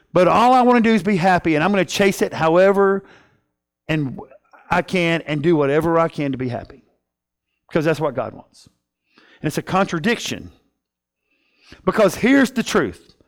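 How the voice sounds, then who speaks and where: A middle-aged male pastor preaching a sermon in a conversational, storytelling way, often checking in with "right?". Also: high-pitched.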